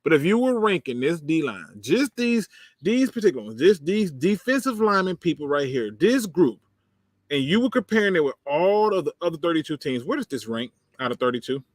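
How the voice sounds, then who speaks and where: Animated man hosting a sports livestream. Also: on the high side, brisk, no room sound. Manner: animated, sarcastic, laughs often, talks to chat. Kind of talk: casual livestream commentary, reading chat.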